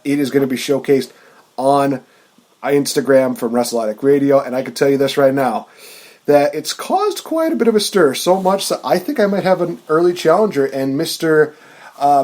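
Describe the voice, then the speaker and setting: A man hosting a wrestling podcast in casual chat, delivering announcer-style hype introductions. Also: mid-range voice. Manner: hype announcer flourishes, energetic. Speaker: podcast host.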